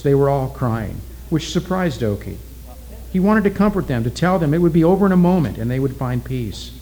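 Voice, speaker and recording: A man reading a story aloud as an audiobook, his voice at an ordinary pitch. He keeps a measured, steady storytelling pace throughout. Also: poor audio. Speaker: narrator. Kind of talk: audiobook narration.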